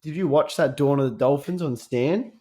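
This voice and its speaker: A man's voice: a little high, moderate pace, dark tone. A man co-hosting a casual podcast chat, easygoing and keen to tell a story. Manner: easygoing, says bro a lot, keen storyteller. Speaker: podcast co-host.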